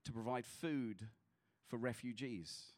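A pastor with a mid-range voice preaches slowly and earnestly, often repeating his words. He shifts between passionate exhortation and quiet prayer.

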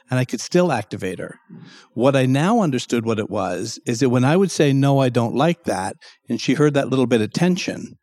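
Animated man explaining as a guest. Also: medium pitch, dry recording. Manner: animated, acts out quoted speech in a raised voice. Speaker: guest expert. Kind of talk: explanatory interview talk.

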